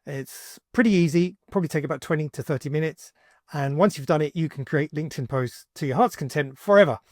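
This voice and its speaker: Relaxed man walking through a tutorial. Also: a little high, fast talker, no echo, studio quality. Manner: casual, relaxed, thinks aloud with fillers while typing. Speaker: tutorial host, agency owner. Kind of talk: screen-recorded software tutorial.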